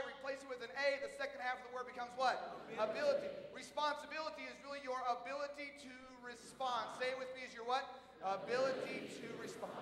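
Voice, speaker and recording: A man's voice: extremely high pitch, a little hiss or hum. A man in his forties giving a motivational keynote speech in a large conference hall, telling stories and calling for audience responses. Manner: animated, storytelling, audience call-and-response. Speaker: keynote speaker. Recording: echoey hall from far off.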